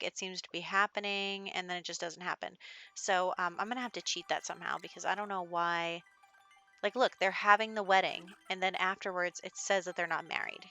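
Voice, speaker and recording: Bright-voiced chatty young woman. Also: on the low side, dry recording. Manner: chatty, exasperated, rambling with fillers. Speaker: gaming channel host. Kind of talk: casual let's-play commentary.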